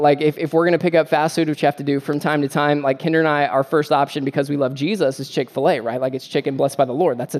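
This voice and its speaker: A man's voice: fairly high pitch, darkish tone. A man preaching a sermon as pastor, earnest and emphatic, with repeated phrases and joking asides about family life.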